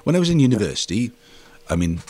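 A man's voice: mid-range voice, fast talker, husky. A man hosting a podcast, chatting casually and telling stories with enthusiasm. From Wales. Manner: animated, enthusiastic storyteller. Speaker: podcast host. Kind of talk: casual chat.

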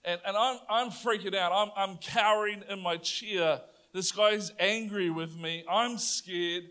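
A young adult man with a New Zealand accent, preaching a sermon, telling a personal story with animated energy that rises to loud declarations. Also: high-pitched, a little slow.

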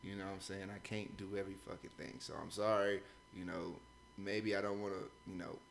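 A man's voice: deep voice, little pitch movement, brisk, gravelly, slight background noise. A man co-hosting a podcast, ranting heatedly in slangy, profane casual talk. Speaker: podcast co-host. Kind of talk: casual chat.

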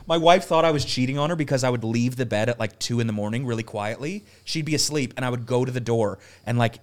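Man from Canada, comedian guest, casual podcast chat, loose and profane, laughs mid-story, mid-pitched voice. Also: fast. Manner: swears freely, laughs through stories.

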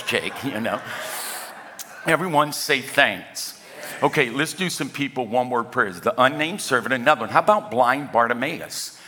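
A man's voice: on the high side, sharp tone. An older man preaching a sermon as pastor, talking conversationally and often asking the congregation if they follow him. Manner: conversational, asks the congregation for responses. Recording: echoey hall with long reverb.

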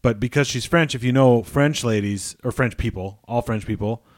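Man, thirties, middle pitch, swears a lot, rambling banter, dry close sound. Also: normal speed, no room sound. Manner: swears freely, rambling with restarts. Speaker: podcast co-host. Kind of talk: casual crude banter.

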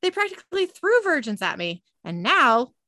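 A woman's voice: sits high, very animated, moderate pace, pushed and bright, no room sound, pitched above the performer's own voice, heavily acted. A woman reading the lines of a scheming, mocking female pagan goddess, lightly voiced. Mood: sneering. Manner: light read-aloud of quoted lines.

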